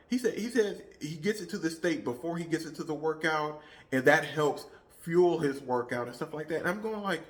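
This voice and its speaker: A man's voice: fairly high pitch, lively intonation, fairly quick, fairly bright tone. Rambling man talking through his vlog. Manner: rambling, restarts sentences, many fillers. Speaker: fitness vlogger. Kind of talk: casual vlog monologue.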